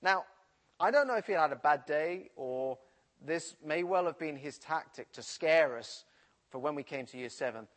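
A man's voice: a little high, moderate pace. A man from the English Midlands with a Midlands accent, preaching and telling a personal story from his school days. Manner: storytelling, animated retelling.

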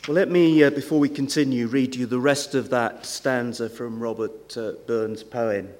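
A man's voice: medium pitch, steady tone, normal speed, a little mellow. A man preaching a sermon in a church, conversational, with rhetorical questions and frequent hesitations. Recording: long hall reverb.

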